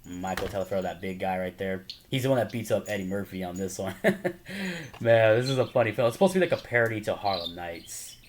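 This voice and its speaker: A man casually chatting to camera about his movie collection, excitedly rambling through favorite scenes. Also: sits low, fast. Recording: noisy home recording with birds chirping behind.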